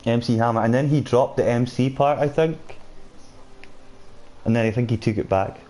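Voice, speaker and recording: A man streaming a game chats casually with his viewers, reading their comments aloud while he plays. His voice is mellow and medium in pitch, at a normal speed.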